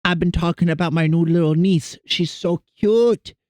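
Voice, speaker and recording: A man's voice: on the high side, moderate pace, a little mellow, clear, resonant tone, dry recording, clean studio sound. A man streaming and chatting casually with his viewers, rambling and self-deprecating as he greets people in chat.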